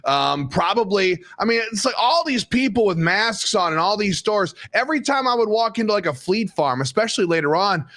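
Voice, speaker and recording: A man with a somewhat high voice holds forth as a podcast co-host, emphatic and rambling as he builds his stories. His talk is opinionated political chat. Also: animated, brisk, few pauses, fairly bright tone.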